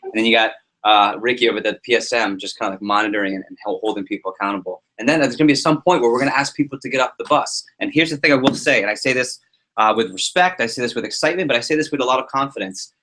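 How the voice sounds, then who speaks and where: A man giving a motivational talk to his sales team as their liaison, animated and joking, acting out little scenes. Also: medium pitch, very fast, a little hiss or hum.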